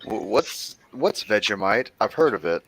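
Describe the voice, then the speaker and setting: A man's voice: on the low side, big pitch swings, measured pace, fairly bright tone, husky, low-quality recording. A man chatting casually on a group stream, dry and matter-of-fact, with blunt remarks. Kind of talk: casual chat.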